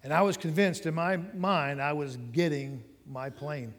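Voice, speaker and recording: Here a preacher in middle age tells the story of his faith conversationally, addressing those listening. The pitch is a little high and the pace measured, all heard through a long hall reverb.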